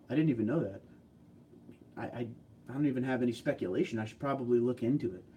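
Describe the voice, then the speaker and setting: A tired man chats easily through a livestream, running on little sleep but staying upbeat. He reads viewer messages aloud, chuckles often and talks in an easygoing way. His pitch sits in the middle of the range. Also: mellow, slight background noise. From New Jersey, US. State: short on sleep. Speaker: livestream host reading chat. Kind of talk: casual livestream chat.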